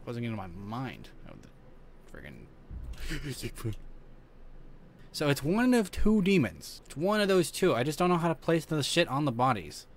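A man streaming a horror game, talking to himself, swearing and yelling at the game as he plays. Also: medium pitch, wildly swooping pitch, normal speed. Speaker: gaming streamer. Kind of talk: let's play commentary.

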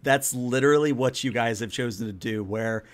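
A man guiding players through a tabletop role-playing session as game master. He talks in a relaxed, rambling way, scattering filler words as he describes the scene. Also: medium pitch, normal speed.

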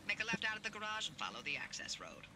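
A calm guide giving instructions. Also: male voice, high-pitched, very fast, heavy background noise. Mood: instructive. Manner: matter-of-fact, instructive. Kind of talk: video game dialogue. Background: game music.

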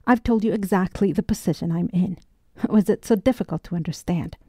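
A woman's voice: lowish voice, fairly quick, warm tone, slightly rough, no echo, clean studio sound. A woman voicing an earnest young French officer. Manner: earnest and defensive.

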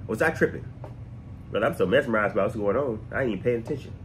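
A man's voice: fairly low pitch, expressive, quick pace, a little hiss or hum, poor audio. A man hosting a music reaction channel, joking and talking straight to his viewers in a casual, playful way.

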